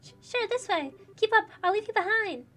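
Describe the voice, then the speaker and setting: A woman's voice: very high voice, expressive, brisk, sharp tone, voice pushed up, exaggerated voice. A woman voicing a shy but stubborn little orphan boy who stammers and gets defensive, with faint game music behind. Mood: bossy.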